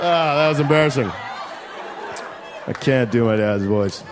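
A young man doing a crude, fast stand-up comedy set, yelling punchlines and laughing along. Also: medium pitch. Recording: live club, loud crowd and noise.

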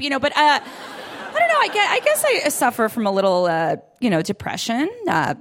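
A young woman doing stand-up in a comedy club, her voice high and bouncing all over the place. She talks in a chatty, self-deprecating way, full of "like"s. A faint murmur of the room sits behind her. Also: big pitch swings, normal speed, fairly bright tone, slight background noise. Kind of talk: stand-up set. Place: comedy club stage with audience. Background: audience laughter.

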